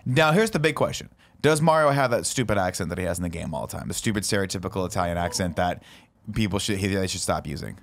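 Animated man pitching a movie plot. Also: fast talker, vocal fry. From United States. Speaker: podcast co-host. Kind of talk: casual chat.

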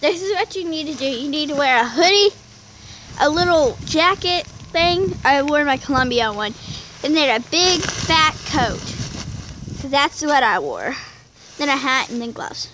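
A young woman, chatting excitedly to her phone camera outdoors in falling snow, full of "y'all" and "like". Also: high voice, unhurried. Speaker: vlogger. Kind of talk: casual outdoor vlog. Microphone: handheld phone camera. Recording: noisy outdoor phone recording.

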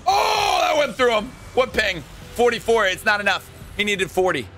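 Excitable young man shouting over gameplay. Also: sits high, normal speed, faint music behind. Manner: excitable, jokey, bursts into shouts and laughs. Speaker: gaming YouTuber. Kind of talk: live gameplay commentary.

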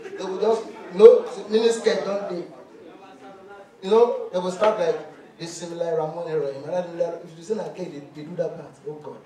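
A man with a Nigerian accent performs animated stand-up comedy, switching between pidgin and Yoruba and breaking into chants. His voice sits high for a man. The sound comes from a distance in a large, booming, echoey hall. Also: moderate pace. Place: large indoor awards stage.

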